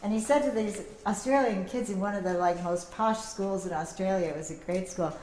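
A middle-aged woman giving a teach-in as an activist, telling lively anecdotes and acting out the voices of people she quotes. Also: medium pitch, brisk. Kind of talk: public talk with storytelling. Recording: echoey room, faint background noise.

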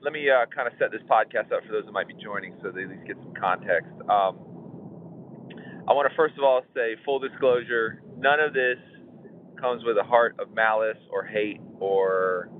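A man's voice: lowish voice, normal speed. A man in his forties hosting a podcast, chatting casually and rambling with fillers and chuckles. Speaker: podcast host. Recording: tinny phone line, faint noise.

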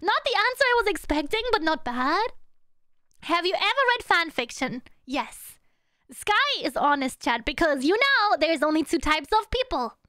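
A woman's voice: extremely high pitch, very animated, normal speed, bright, forceful tone, no room sound, studio quality. A woman streamer chatting casually and playfully with her audience, humming little tunes between thoughts and teasing her chat.

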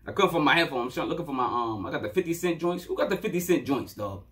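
A man's voice: fairly high pitch, expressive, fast talker, a bit bright. A man giving a loose, casual spoken review of a hip-hop mixtape, full of playful asides and "you know what I'm saying," talking from home at his computer.

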